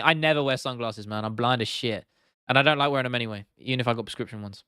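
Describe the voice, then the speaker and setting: Swearing freely, a young English streamer answers his chat at a quick pace, sounding pushed and bright. His voice is smooth and clear at a middling pitch, captured dry and close to the microphone.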